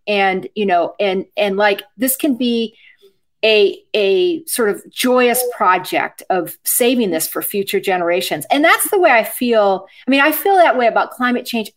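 A Gen X woman from Michigan hosting a podcast, talking earnestly and rambling with many fillers and restarts. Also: mid-range voice. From Michigan, USA. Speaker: podcast host. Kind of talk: casual podcast chat.

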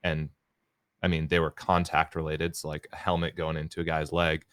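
A man co-hosting a podcast in a studio, relaxed and joking in casual chat. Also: very deep voice, moderate pace, clean tone, dry recording. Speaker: podcast co-host.

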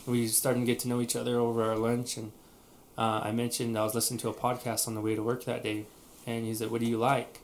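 A podcast co-host tells a story in a relaxed casual chat, speaking fast in loose, rambling sentences full of fillers and frequent restarts. His voice is middle-pitched, and a faint noise hums under the recording.

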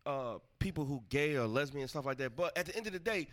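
A man's voice: on the high side, quick pace. A man co-hosting a casual podcast chat, telling a story with lots of laughs and acted-out quotes. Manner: animated, laughing storyteller who acts out quotes. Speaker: podcast host.

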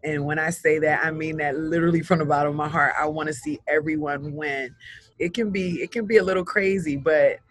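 Man, husky voice, slightly high pitch, earnest business coach, casual interview. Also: fairly even intonation, a little fast, a bit bright, no echo. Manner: earnest, heartfelt, rambling with restarts.

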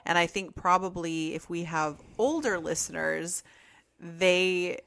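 A woman's voice: lowish voice, steady tone, slow pace, gravelly, fairly bright tone, smooth. A woman co-hosting a podcast, chatty and loose, often acting out what other people might say. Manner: chatty, acts out quoted voices, laughs often. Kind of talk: casual podcast discussion.

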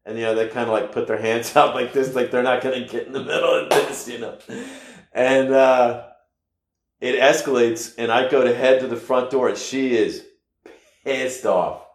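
Rambling, animated man in an echoey room. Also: mid-range voice. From United States. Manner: rambling, animated, with halting restarts and loud bursts. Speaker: storyteller. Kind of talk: personal story told casually.

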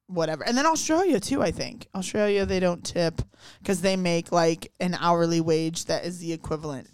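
A woman's voice: medium pitch, clear, resonant tone, no room sound. A woman co-hosting a podcast in casual chat, laughing easily and swearing casually. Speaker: podcast co-host.

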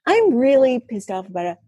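A woman's voice: a little high, mellow, breathy edge, no echo, studio quality. A woman guest on a casual podcast, telling stories animatedly, laughing often and acting out her own thoughts. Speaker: guest coach.

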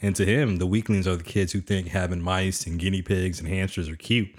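A man's voice: low voice, steady tone, a little fast. A man hosting a podcast in a laid-back, casual way, peppering his sentences with "man" and "you know.". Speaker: podcast host. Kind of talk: casual recap chat.

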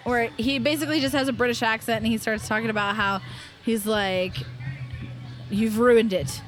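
Young female podcast co-host, bright talkative banter, music under the voice. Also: fairly high pitch, fairly even intonation, fairly quick. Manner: chatty, laughing, rambling. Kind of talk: casual chat.

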